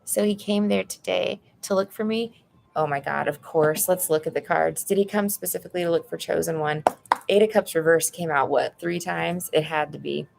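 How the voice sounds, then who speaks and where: A woman's voice: on the low side, normal speed, creaky, background noise. A woman giving a live tarot reading from her apartment into a phone, chatty and blunt, calling the viewer "girl". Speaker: tarot reader. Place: apartment room at home.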